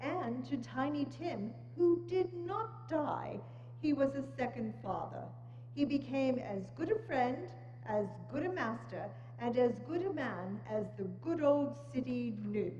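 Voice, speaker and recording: A woman narrating a dramatic reading in a church, measured, with slow, weighty emphasis. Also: sits high, expressive, dark tone, faint music behind. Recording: echoey church hall, dull sound.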